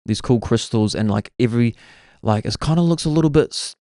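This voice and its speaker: A man's voice: mid-range voice, brisk, warm tone, dry recording, studio quality. A man, hosting his own podcast and rambling through stories in a casual way, full of "like" and "bro". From New Zealand. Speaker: podcast host. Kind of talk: casual solo storytelling.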